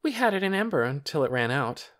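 A man voicing an earnest, determined young girl in an audiobook, blunt and quick to protest. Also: a little high, big pitch swings, a bit bright, pitched above the performer's own voice. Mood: curious. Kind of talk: audiobook character reading.

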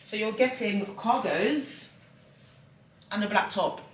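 A woman's voice: mid-range voice, takes it slowly, echoey room, far from the mic, rough recording. A young woman chatting casually to camera as a travel vlogger while she gets ready in a hotel room, joking about herself as she goes. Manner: chatty, self-deprecating, talks to viewers while getting ready. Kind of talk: casual vlog chat to camera.

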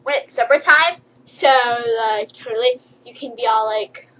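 A woman's voice: fairly high pitch, moderate pace, bright, forceful tone, slight background noise, poor audio. A young woman vlogger rambling playfully and giggling through a silly list. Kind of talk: silly comedic list vlog.

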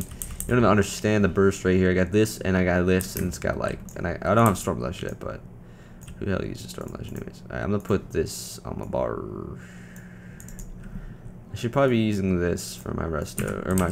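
A young man giving casual, joking commentary over a video game, trash-talking and breaking into loud shouts. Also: deep voice, gravelly, background noise. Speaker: gaming commentator.

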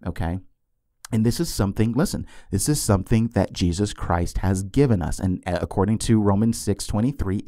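A man's voice: fairly low pitch, a little mellow, no room sound, clean studio sound. A man teaching the Bible on a podcast, earnest and emphatic, repeating key words and checking in with "okay?" and "right?".

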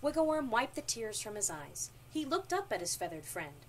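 A woman reading a children's storybook aloud, with expressive narration, recorded from a distance with faint noise. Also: a little high, normal speed. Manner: expressive, animated.

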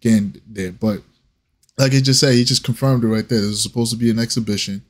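A man's voice: mid-range voice, fairly even intonation, fast. A man hosting a reaction video, talking in a casual, rambling way with lots of slang, swearing and stammered restarts.

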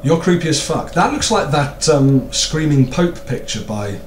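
A man's voice: on the high side, lively intonation, a little slow, echoey room, slight background noise. A British man commentating a horror game, nervous and jokey, swearing a lot and screaming in fright. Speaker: gaming YouTuber.

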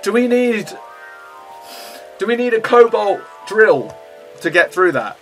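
A man giving chatty, self-mocking let's play commentary at his computer, breaking into sudden excited outbursts. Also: high voice, slow, soft background music. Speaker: gaming channel host.

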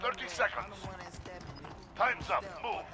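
A man's voice: very high voice, takes it slowly. A man voicing a terse military soldier who calls out battle alerts in a shooter game, in clipped, urgent lines. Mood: barked callouts. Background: loud game music and gunfire.

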